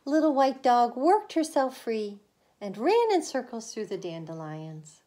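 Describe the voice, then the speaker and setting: Slow-reading woman preschool teacher. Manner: slow, expressive read-aloud with lifts in pitch on some lines. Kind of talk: reading a picture book aloud to children.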